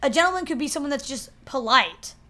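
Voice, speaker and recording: A young woman co-hosting a casual debate podcast, arguing her side with animated, laugh-filled talk. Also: high voice, quick pace. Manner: animated, argumentative, laughs often.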